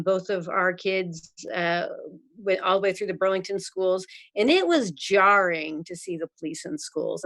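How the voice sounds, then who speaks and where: Woman, public commenter, brief and halting, dry remote audio. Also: mid-range voice, fairly bright tone, no room sound, rough recording. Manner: brief, plain, many "um"s. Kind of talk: public comment at a council meeting. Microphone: remote call-in.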